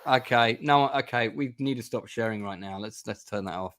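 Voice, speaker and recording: A man's voice: mid-range voice, normal speed, a bit bright. A man hosting a casual film chat over a video call, talking in a chatty, wry way with dry sarcasm and many restarts. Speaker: host.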